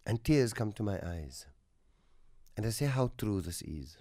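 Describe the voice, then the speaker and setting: Guy hosting a radio show, slow and earnest storytelling, goes soft and hushed, dry studio sound. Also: fairly low pitch, big pitch swings, no echo. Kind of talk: radio talk with a moral story.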